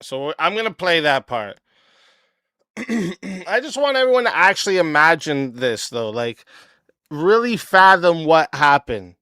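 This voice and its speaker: A man streaming, his voice worn hoarse from yelling, ranting in a blunt, profane, confrontational way. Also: on the high side, expressive, a little slow, no room sound, studio quality. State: hoarse, voice nearly lost. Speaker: streamer and host. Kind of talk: ranting livestream talk. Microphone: desk mic, no headphones.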